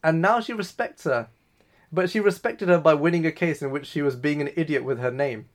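A man's voice: a little high, brisk. A man co-hosting a talk show, casually retelling scenes and quoting dialogue loosely. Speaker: podcast co-host. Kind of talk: casual recap discussion.

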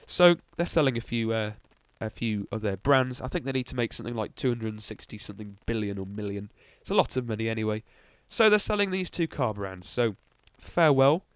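A man's voice: mid-range voice, lively intonation, fairly quick, hardly any pauses, smooth, no echo. Chatty man hosting a car podcast. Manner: chatty, rambling with ums and asides. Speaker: podcast host. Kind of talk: casual car news podcast.

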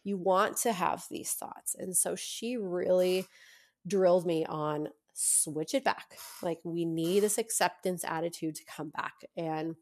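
A young adult woman telling her own story as a podcast guest, chatty, with lots of fillers and quick laughs. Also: on the low side, fairly even intonation. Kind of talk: casual storytelling in an interview.

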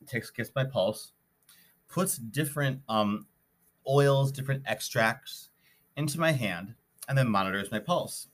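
A young man from Minnesota, a podcast host, telling a story in a rambling, animated way with many fillers. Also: lowish voice. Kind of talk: casual storytelling.

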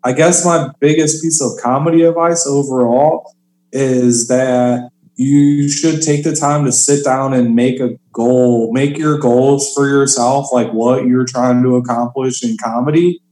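A man's voice: medium pitch, steady tone, unhurried, warm tone. Chatty comedian man in a roomy space. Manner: chatty, fills with "like" and "you know". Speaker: stand-up comedian guest. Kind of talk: casual podcast conversation.

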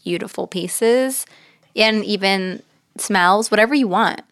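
A woman's voice: mid-range voice, slow, a bit bright. Chatty young woman podcast co-host. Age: young adult. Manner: chatty, playful, thinking aloud. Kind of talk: casual chat.

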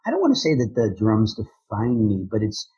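A man being interviewed as a drummer and speaker, talking in an energetic, rambling way with many restarts. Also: on the low side, normal speed, breathy edge, low-quality recording. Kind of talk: casual interview chat.

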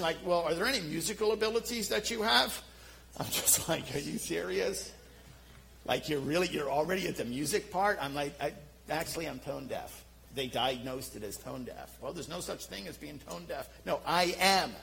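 Middle-aged philly guy preaching, high bright voice, jokes on himself a lot. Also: moderate pace, vocal fry, a little hiss or hum, poor audio. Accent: Philadelphia. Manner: animated, self-deprecating storytelling. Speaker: pastor. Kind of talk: sermon.

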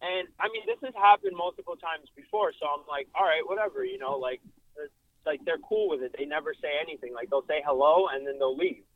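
A young man telling a story in a casual interview, animated and full of fillers, calling in over a breaking-up phone line. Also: on the high side, a little fast, no echo. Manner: animated, filler-heavy, swearing. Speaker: car photographer guest. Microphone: phone call, breaking up. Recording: dry thin phone line.

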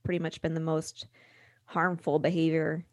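A middle-aged woman speaking candidly as a guest, halting and restarting, sometimes acting out what others said. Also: low-pitched, completely flat delivery, dry recording, clean studio sound. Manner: candid, halting with restarts, acts out quoted voices. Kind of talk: conversational podcast interview.

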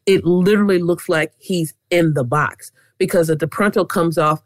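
Animated middle-aged woman quilter, dry sound. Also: on the low side, moderate pace, no echo. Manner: animated, leans on "literally" often. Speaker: quilter and guest. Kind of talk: casual interview chat.

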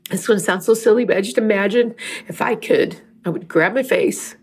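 A woman's voice: medium pitch, fairly quick, a little mellow, husky. A middle-aged woman talking candidly about faith and grief, emotional and rambling, teary at times. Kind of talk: personal faith talk.

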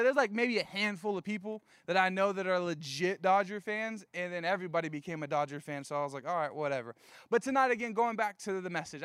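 A young man gives a sermon as a chatty, animated story, leaning on "like" over and over. His voice sits high for a man. The sound is dry and close, with no room echo. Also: clean tone. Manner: casual, animated storytelling with many "like" fillers.

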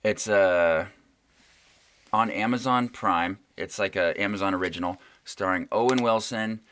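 A man's voice: lowish voice, unhurried, fairly bright tone, no room sound. A man hosting a casual chat, wry and rambling as he tells a story.

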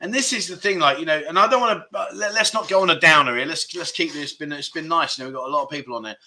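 Rapid-fire and a little high, the man's voice sounds pushed and bright. He is hosting a laid-back livestream, reading out comments from viewers and chatting about them, using frequent fillers.

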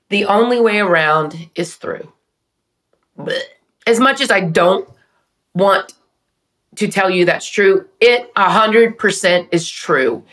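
A woman's voice: fairly low pitch, fairly bright tone, distant mic. Earnest woman hosting a faith podcast. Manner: earnest and conversational, with playful asides. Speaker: podcast host. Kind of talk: personal faith podcast monologue.

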